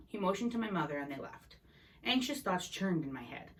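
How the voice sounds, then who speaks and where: Woman reading a book aloud, low voice, a few stumbles, sounds kinda far from the mic. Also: lively intonation, normal speed. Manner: unpolished reading with small slips and restarts. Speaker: reader. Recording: voice a bit distant from the mic.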